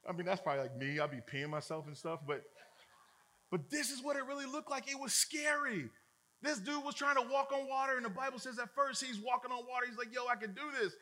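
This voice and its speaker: Male pastor, high bright voice, casual and funny sermon delivery. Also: fairly quick. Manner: energetic, joking, colloquial.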